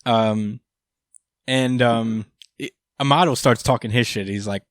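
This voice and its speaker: A man's voice: medium pitch, unhurried, clear, resonant tone, no room sound, clean studio sound. A man hosting a podcast, casually recapping a comic chapter, swearing freely with lots of fillers. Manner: laid-back, swears freely, many fillers. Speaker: podcast host.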